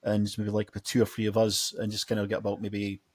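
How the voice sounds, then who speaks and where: A man's voice: fairly low pitch, completely flat delivery, quick pace, darkish tone. A man hosting a podcast, chatting casually in a rambling way with lots of restarts. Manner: rambling, restarts often, laughs easily. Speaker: podcast host. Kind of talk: casual chat.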